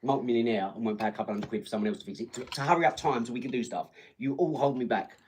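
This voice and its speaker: A man's voice: mid-range voice, very fast, a little mellow. A man hosts a casual home live stream. He rambles from topic to topic, speaks bluntly, swears freely and keeps talking straight to his viewers, with a faint hiss of noise behind him. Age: 40s. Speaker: livestream host. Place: home front room.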